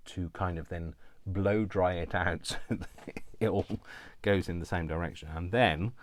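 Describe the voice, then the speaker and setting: A man's voice: sits low, steady tone, unhurried, a little hiss or hum. A man chatting casually while he crafts at home, rambling and self-deprecating and laughing often. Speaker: crafting YouTuber.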